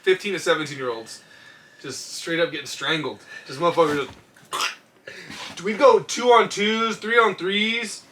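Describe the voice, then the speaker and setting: A man in his twenties, co-hosting a comedy podcast, telling stories in an animated, profane way. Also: high voice, measured pace, slight background noise. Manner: animated, profane storytelling with acted-out quotes. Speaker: podcast co-host. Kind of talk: casual chat. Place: home studio shed.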